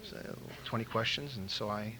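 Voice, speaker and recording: A middle-aged man from Los Angeles speaking at a recovery meeting, telling an animated story and acting out the quotes. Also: fairly low pitch, normal speed, poor audio. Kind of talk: storytelling talk. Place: meeting room in a school.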